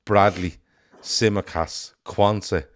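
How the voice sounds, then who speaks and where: A man hosting a casual football podcast, jokey, quick to laugh and swearing freely. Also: lowish voice, steady tone. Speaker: podcast host.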